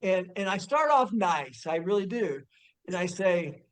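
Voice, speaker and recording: Among family and friends, a man tells a personal story casually, animated and laughing, with stumbling restarts and bursts of shouting. His voice is high and his pace measured.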